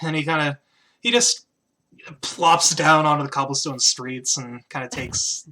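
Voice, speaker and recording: Man game master, bright voice, casual halting narration. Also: on the high side, a little hiss or hum.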